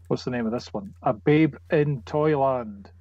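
A man's voice: medium pitch, unhurried, no room sound, lo-fi sound. A man chatting casually in a comic book group, reading out comic credits. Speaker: comic book club member.

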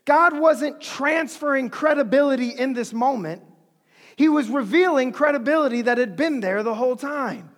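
A preacher giving an animated, humorous, conversational sermon in a large hall. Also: high voice, normal speed.

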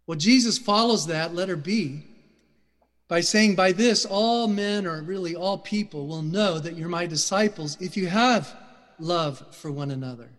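A middle-aged man preaching a sermon in a church, passionate, loud and emphatic. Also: sits high, measured pace. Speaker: guest speaker. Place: church sanctuary. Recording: reverberant church hall.

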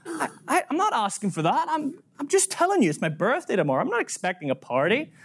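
A woman's voice: sits high, very animated, fast talker, a little hiss or hum, pitched above the performer's own voice. A male preacher voicing a weary grown woman who pleads with a stammer, sounding hurt, in a retold story. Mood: hurt, pleading.

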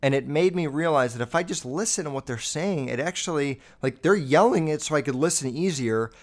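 A man's voice: fairly high pitch, animated, a little fast. A man hosting a podcast, ranting casually and bluntly, with heavy swearing and lots of fillers. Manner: profane, blunt, rambling with many fillers. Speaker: podcast host.

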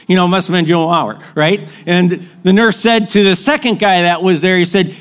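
High-voiced joking pastor from Minnesota. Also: male voice, normal speed, few pauses, clean tone. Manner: animated, joking storyteller with crowd call-outs. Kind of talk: sermon.

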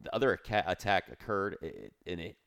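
A man with a fairly low voice, co-hosting a podcast and telling odd news stories in a loose, rambling way. He leans heavily on "dude" and "bro". The recording is dry and close. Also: animated, a little fast, vocal fry, a bit bright, clear, resonant tone, dry recording. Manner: rambling, slangy storytelling with lots of "dude" and "bro". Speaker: podcast co-host. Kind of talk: casual podcast chat.

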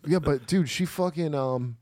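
A man's voice: fairly high pitch, normal speed, a little mellow. A man co-hosting a comedy chat, talking in a loose, profane and rambling way, often over the others. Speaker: comedian co-host. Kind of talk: casual podcast banter.

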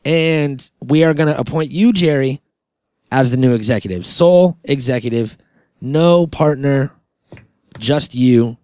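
A man hosting a comedy podcast, rambling in casual chat and deadpan mock-boss banter. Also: medium pitch, measured pace, smooth, dry recording, studio quality. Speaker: podcast host.

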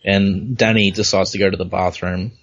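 A man's voice: sits low, level tone, moderate pace. Easygoing man on a dull recording. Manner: easygoing, narrates panels step by step. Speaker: podcast host. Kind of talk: casual comic book discussion.

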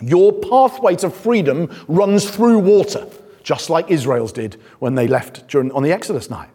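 A British man preaching to a congregation, his slightly husky voice rising and falling with animated swings of pitch. He mixes dry, self-deprecating humour with firm emphasis. The sound carries a long reverb from the hall. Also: normal speed. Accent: British English. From Britain. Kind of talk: sermon.

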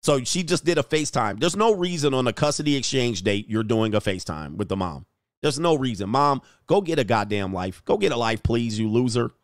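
Male streamer, mid-pitched, blunt and crude, mocking tone, dry close mic; reads chat comments. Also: expressive, brisk, no echo. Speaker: host of a live stream. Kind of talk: casual live-stream commentary, reading chat.

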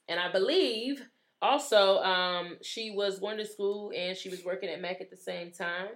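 A woman hosts a casual talk show. She speaks in a chatty, familiar way, calling her listeners "ladies" and "honey." Her voice sits at an ordinary middle pitch for a woman. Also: normal speed. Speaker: podcast co-host. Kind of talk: casual chat.

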